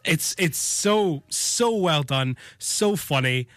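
A man with a slightly high voice recaps a film in an easy, enthusiastic chat, now and then tripping over his words. The recording is dry and close to the mic. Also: lively intonation, slow, fairly bright tone, dry recording. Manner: enthusiastic, laughs, stumbles on words. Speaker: film podcast co-host. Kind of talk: casual film review chat.

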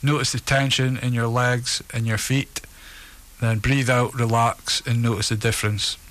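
A man leading a group through breathing and muscle relaxation exercises, giving calm, steady instructions. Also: medium pitch, normal speed. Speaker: relaxation session leader.

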